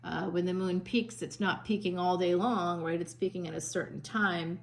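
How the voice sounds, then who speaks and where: Chatty woman tarot reader, low voice. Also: fairly even intonation, normal speed, gravelly, poor audio. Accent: Northern US, drifting Southern. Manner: chatty, warm endearments, frequent fillers and restarts. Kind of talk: tarot reading monologue.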